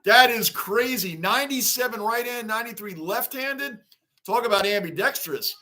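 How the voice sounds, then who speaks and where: A man's voice: very high voice, moderate pace, sharp tone. A man hosting a casual sports livestream, chatting loosely, greeting viewers by name and repeating his points. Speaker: livestream host reading fan chat.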